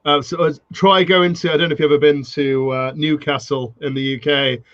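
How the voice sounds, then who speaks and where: A man's voice: on the high side, fairly even intonation, a bit bright, no room sound, dull audio. A man hosting a podcast, chatting casually and agreeing eagerly with his guest. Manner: enthusiastic, quick to agree. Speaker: podcast host. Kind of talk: casual interview chat.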